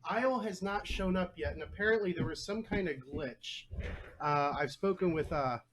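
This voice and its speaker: A man's voice: high-pitched, moderate pace, fairly bright tone. A man hosting a live tabletop game stream as game master, chatty and joking. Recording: faint background noise.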